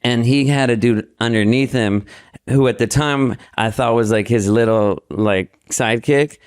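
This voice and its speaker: A man guest on a podcast rambles through a story, cursing freely and acting out what people said. His voice is smooth and resonant, with a dry, close sound. He chats casually at a middle pitch. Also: a little slow, dry recording. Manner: rambling, profane, acts out dialogue.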